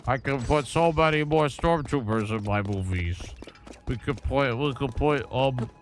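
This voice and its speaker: A man's voice: medium pitch, natural voice. A man doing a comic impression of an elderly male film mogul who rambles and stammers. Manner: stammering, hesitant, mumbling.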